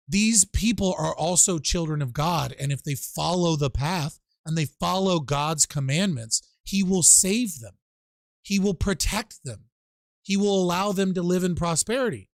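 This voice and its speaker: A man hosting a loose panel debate, his voice sitting a bit high and jumping around as he tells a story. He swears freely and acts out the people he quotes. The sound is close and dry. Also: no echo. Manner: profane, animated storytelling with mock-quoted voices. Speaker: show host.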